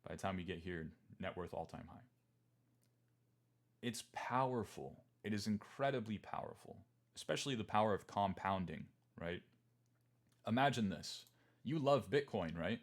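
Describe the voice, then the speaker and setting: A man's voice: on the low side, lively intonation, moderate pace. A young man in his twenties giving a candid, emphatic livestream talk about markets and holding through downturns. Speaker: trading streamer.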